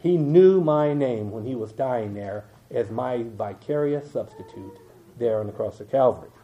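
An older man preaching an evening sermon, reading scripture slowly with emphasis and dropping into quiet asides. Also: mid-range voice, expressive. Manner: reads King James verses slowly and with emphasis, asides in a dropped voice. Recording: dull lo-fi church recording.

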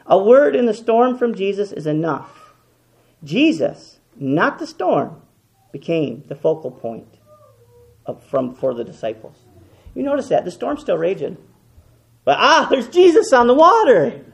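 Gravelly high-voiced preacher. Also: male voice, big pitch swings, unhurried. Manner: impassioned, swinging from loud emphatic repetition to hushed quiet. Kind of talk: sermon.

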